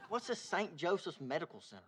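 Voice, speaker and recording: Young husband, anxious, pressing questions, fast-talking, lively pitch. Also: male voice, background noise. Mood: worried. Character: young husband anxious about wife's debt. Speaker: sitcom husband.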